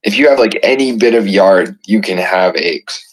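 A man's voice: low-pitched, expressive, normal speed, poor audio. A man hosting a podcast in easygoing casual chat, with short agreeing replies.

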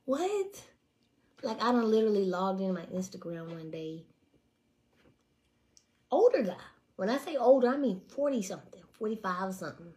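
A woman's voice: medium pitch, moderate pace, pauses often, dark tone. A young woman ranting to her viewers in a profane, casual way, swearing hard and repeating lines for emphasis. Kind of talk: profane casual rant to camera.

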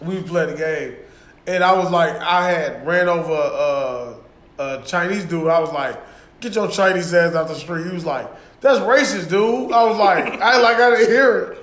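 A man's voice: sits high, normal speed, a bit bright, reverberant. A man co-hosting a podcast, talking loosely and profanely and laughing often. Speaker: podcast co-host. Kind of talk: casual chat.

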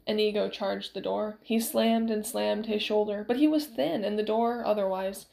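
A woman narrating a novel aloud in a measured, steady storytelling way. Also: medium pitch, creaky. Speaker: audiobook narrator.

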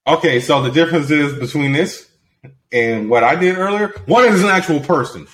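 A man's voice: fairly high pitch, lively intonation, normal speed, a bit bright. A young man hosting a podcast, reading entertainment news in a casual, teasing, level-headed way. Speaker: podcast host.

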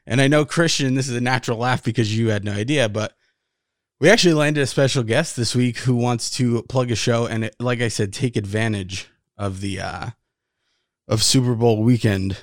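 A man co-hosting a podcast, chatting casually with a teasing, deadpan manner. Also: medium pitch, normal speed, no echo, clean studio sound. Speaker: podcast co-host. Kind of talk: casual chat.

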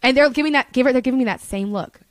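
A young woman telling a casual story as a podcast guest, chatty and animated, swearing freely and saying "like" a lot. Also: high voice, rapid-fire, no echo. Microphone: studio podcast mic.

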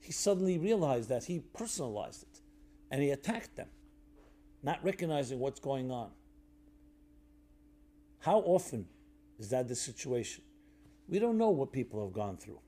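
A man giving a reflective sermon-style talk, conversational with fillers and restarts, dropping to a soft low voice when telling stories. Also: very animated, moderate pace, long pauses.

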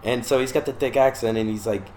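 A man from Charleston, South Carolina, tells a rambling story in a loose, conversational way. His voice sits at an ordinary middle pitch. Now and then he drops into voices to act out the people he describes. A light hiss runs faintly underneath. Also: steady tone, fast, darkish tone. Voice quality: swears freely, acts out quoted lines in voices. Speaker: guest recounting his rehab stay. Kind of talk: casual storytelling chat.

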